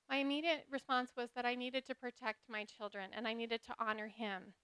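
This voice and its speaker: A middle-aged woman giving a personal testimony at a conference, earnest and measured, retelling conversations calmly. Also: on the high side, clean tone, dry recording, poor audio. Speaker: conference speaker.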